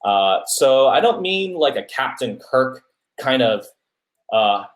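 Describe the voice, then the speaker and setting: A man talks through public speaking tips in a loose, conversational way, often asking "right?" to keep listeners with him. His voice sits at an ordinary middle pitch. The recording carries a noticeable room echo. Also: very animated, measured pace. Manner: many fillers and restarts, asks "right?" often. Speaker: podcast host giving speaking tips. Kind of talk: casual advice talk. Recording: roomy echo.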